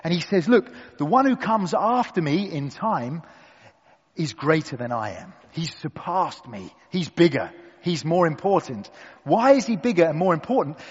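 A man preaching a sermon to a gathered room, deliberate and emphatic with dramatic pauses. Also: a little high, darkish tone, breathy edge, big-room sound, muffled recording. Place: church hall with an audience.

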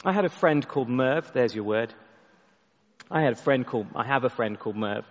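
A man preaching a sermon, telling a story and often restarting his words, sometimes dropping his voice very soft for emphasis. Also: medium pitch, a little fast, in a large hall, highs cut off. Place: church.

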